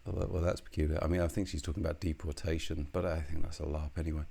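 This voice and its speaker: A man's voice: rumbling low, level tone, rapid-fire, gravelly, mellow, husky. A British man giving a solo political commentary, scornful and heated, swearing often.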